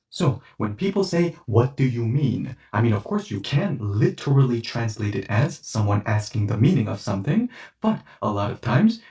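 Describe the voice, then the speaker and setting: A man's voice: medium pitch, dark tone, distant mic. A man teaching a language lesson, explaining points through made-up everyday scenarios in a conversational way. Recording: roomy echo, voice set back from the mic.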